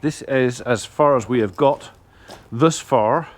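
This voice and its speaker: Outdoors in a farmyard, a middle-aged farmer vlogger talks casually to camera while doing his chores. His mid-range voice moves slowly as he rambles in a relaxed, chatty way, occasionally breaking off to speak to his animals.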